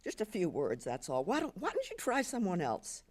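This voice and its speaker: An earnest teenage schoolgirl, nervous and stammering as she pleads, put on by a woman reading aloud. Her voice rises higher and more animated than an adult's. It jumps around as she talks herself in circles. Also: moderate pace. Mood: pleading.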